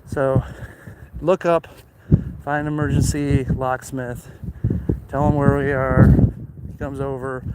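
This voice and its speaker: A man's voice: mid-range voice, little pitch movement, takes it slowly, pauses often. A man casually telling a story while walking outdoors, rambling with many fillers and restarts. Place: outdoors on a walk. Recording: loud outdoor noise.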